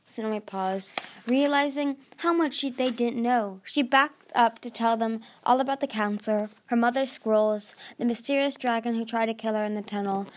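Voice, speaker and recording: Woman reading a story aloud, fairly high voice. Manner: steady reading with occasional restarts. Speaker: podcast host reading a book.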